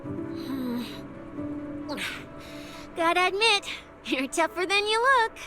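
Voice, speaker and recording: A woman's voice: extremely high pitch, lively intonation, takes it slowly, heavily acted. An actress voicing Cecilia, a playful, food-loving young female public security specialist in a video game, teasing and joking as she talks. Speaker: game character. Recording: game audio with music behind.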